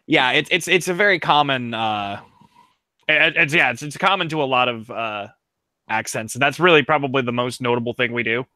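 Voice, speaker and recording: Connecticut man, hesitant explainer, bright tone, dry close sound. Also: medium pitch, fairly quick, dry recording. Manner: hesitant, many ums, explaining. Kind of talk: casual live-stream chat.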